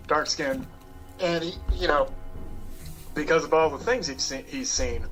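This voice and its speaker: A man playing a character in a tabletop role-playing game, thinking aloud in a relaxed way. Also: fairly high pitch, rough recording. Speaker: player.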